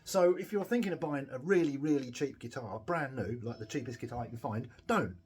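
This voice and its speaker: With an expressive, fairly quick medium-pitched voice, a guitar repair vlogger fixes a cheap guitar as guitar music plays behind. His casual chat is rambling, sweary and self-mocking, with a tired, giddy edge.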